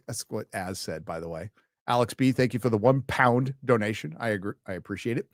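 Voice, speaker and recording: A man's voice: lowish voice, fairly quick, no room sound. A man from the United States hosting a casual live stream, reading donor messages aloud and answering them with dry jokes. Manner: reads donor messages aloud, wry and joking. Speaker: livestream host reading donations.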